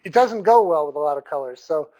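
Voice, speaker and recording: A man lectures in a loose, conversational way, with a voice pitched fairly high. He circles back and repeats points and clears his throat often. He is recording alone with no audience in the room. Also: expressive, quick pace, warm tone, low-quality recording.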